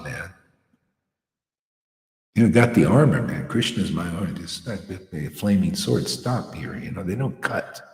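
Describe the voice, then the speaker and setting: A man giving an informal, animated devotional sermon, often scornful and laughing as he preaches. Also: mid-range voice. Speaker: spiritual teacher. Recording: echoey room with long reverb.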